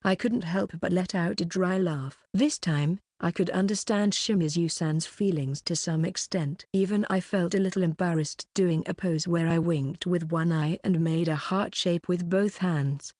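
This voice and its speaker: A woman narrating a light novel audiobook, reading every character in a near-even voice. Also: on the low side, normal speed, hardly any pauses, dry recording, clean studio sound.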